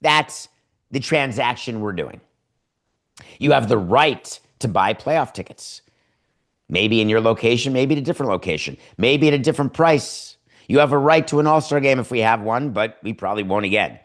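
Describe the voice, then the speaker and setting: A man hosts a sports talk show in an opinionated, lecturing way. He drives his points home with drawn-out emphasis and rapid rhetorical questions. His voice sits at an ordinary, middle pitch. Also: expressive. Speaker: podcast host.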